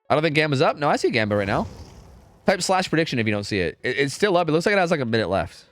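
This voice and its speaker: A man's voice: medium pitch, sing-song, fast, faint music behind. A young man casting esports scrims live on stream, profane and trash-talking as he commentates.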